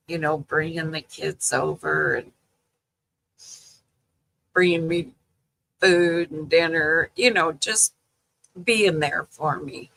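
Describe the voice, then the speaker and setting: An older woman chatting casually with viewers on a livestream, telling family stories in a slow, rambling way with lots of "you know" and laughter. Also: sits low, vocal fry, sharp tone, poor audio. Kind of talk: casual live chat.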